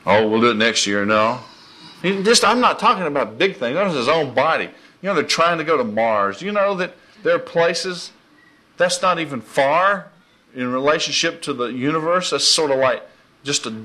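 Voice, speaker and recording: A man preaching an informal, folksy sermon, animated and quick to laugh. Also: a little high.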